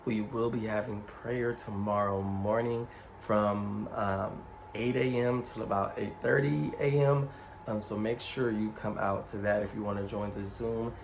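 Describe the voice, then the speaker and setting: A man's voice: lowish voice, steady tone, unhurried, slight background noise, low-quality recording. A man leading a ministry group, giving a casual spoken lesson and spelling out letters one by one. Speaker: ministry youth leader teaching Hebrew words.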